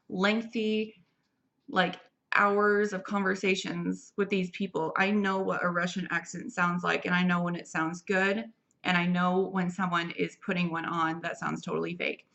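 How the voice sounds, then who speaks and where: A woman's voice: lowish voice, gravelly, a bit bright, highs cut off. A young adult woman giving a casual, rambling movie review, chatty and full of fillers and restarts. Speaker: film reviewer.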